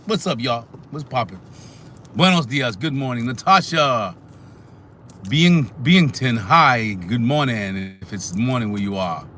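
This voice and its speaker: A man hosting a casual live stream, animated and talking back to his chat. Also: mid-range voice, a little slow, a little hiss or hum. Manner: animated, talks back to chat, sings snatches.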